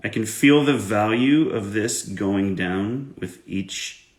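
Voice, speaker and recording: A man's voice: fairly low pitch, slow pace, echoey room. A male voice actor chatting casually while signing autographs, joking about his own drawing. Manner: self-deprecating, chats while drawing and writing. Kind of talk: live autograph-signing chat.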